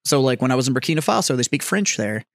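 A man's voice: medium pitch, sing-song, fast talker, fairly bright tone, no echo, clean studio sound. A man from the United States, co-hosting a podcast with crude, emphatic banter. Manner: profane, emphatic. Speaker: podcast co-host.

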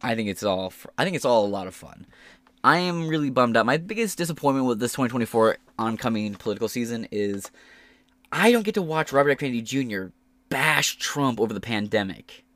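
A man hosting a podcast, giving casual commentary in swearing, animated rants. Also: mid-range voice, brisk, dry recording. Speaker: podcast host.

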